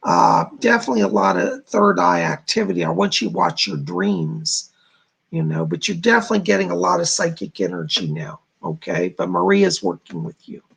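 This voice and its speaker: A man's voice: high-pitched, very animated, a little fast, creaky, a bit bright, husky. A man hosting a live stream as a psychic medium, reading viewers' comments aloud and passing on spirit messages in an informal way. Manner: informal, repeats "I gotta tell you".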